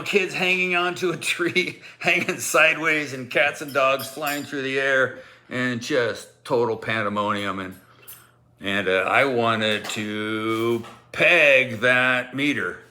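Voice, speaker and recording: A male teacher telling a funny anecdote in a casual, animated way, laughing often and acting out the kids' voices. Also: medium pitch.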